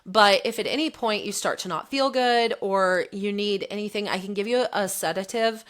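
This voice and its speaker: A woman's voice: mid-range voice, normal speed. Candid woman retelling a story. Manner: candid, animated retelling, voicing the quotes. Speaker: podcast guest. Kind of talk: personal storytelling in an interview.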